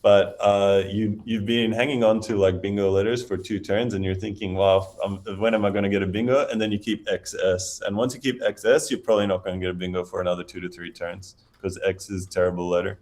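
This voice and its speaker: Male commentator, low voice, chatty analytical live game commentary. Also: level tone, fairly quick, hardly any pauses, darkish tone. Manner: chatty, analytical, often laughing.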